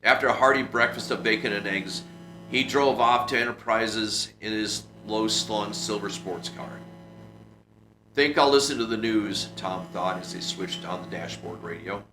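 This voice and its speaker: A man reading a classic adventure novel aloud for a book club, steady with small restarts. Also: lowish voice, normal speed. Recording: roomy echo with music behind.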